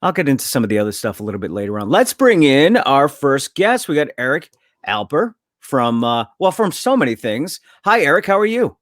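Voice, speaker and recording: A man's voice: mid-range voice, sing-song, brisk, no room sound, studio quality. A man hosting a casual talk show, running loosely through sponsor plugs with stumbles and self-corrections before bringing in a guest. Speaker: host.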